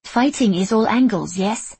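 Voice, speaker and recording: A woman voicing a composed female sword mentor who speaks in a measured, instructive way. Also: mid-range voice, dark tone, breathy edge, dry recording, voice pushed up.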